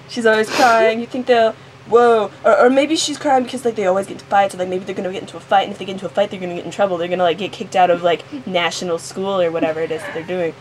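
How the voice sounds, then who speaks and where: A young woman with a mid-range voice and steady tone talks fast as she casually makes up a comic's storyline. Giggling and rambling, she offers playful commentary, captured in a noisy home recording.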